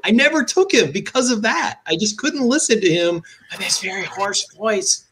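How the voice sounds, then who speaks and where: Man, high voice, anecdotal, self-deprecating, casual chat, faint background noise. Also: animated, moderate pace, hardly any pauses, a bit bright. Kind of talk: casual chat on a group stream.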